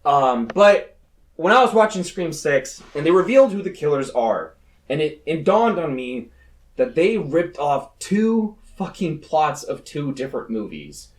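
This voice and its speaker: Excitable high-voiced man retelling a movie. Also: unhurried. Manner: animated, swears freely, acts out characters in high voices. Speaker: podcast co-host. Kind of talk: casual podcast chat, retelling a movie plot.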